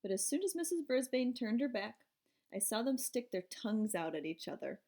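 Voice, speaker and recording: A woman's voice: fairly high pitch, big pitch swings, brisk, warm tone. A woman reading a children's storybook aloud, narrating expressively in first person. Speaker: audiobook reader.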